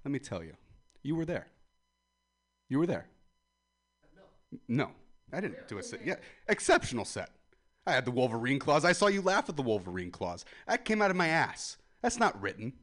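A man in his twenties doing a stand-up comedy set, ranting loudly at the crowd and then dropping to a mutter. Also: mid-range voice, sing-song, brisk. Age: 20s. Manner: loud ranting crowd work, swings between yelling and muttering.

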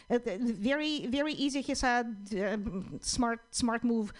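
A woman comedian with a Russian-Ukrainian accent, a native Russian speaker doing a deadpan stand-up set at an open mic, with many pauses and ums. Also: a little high, low-quality recording.

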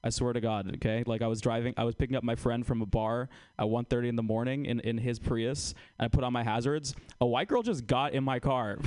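A man's voice: medium pitch, a little mellow, smooth. Man doing ironic stand-up comedy. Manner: ironic, conversational, asks the crowd questions. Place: comedy club stage.

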